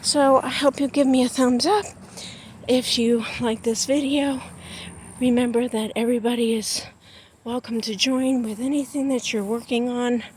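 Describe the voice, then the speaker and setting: A woman's voice: on the high side, fairly even intonation, normal speed, darkish tone, a little hiss or hum. A woman chatting in a folksy way to her viewers while walking laps outdoors, a little out of breath. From United States. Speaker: vlogger. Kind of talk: casual vlog chat while walking. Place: outdoors in a backyard.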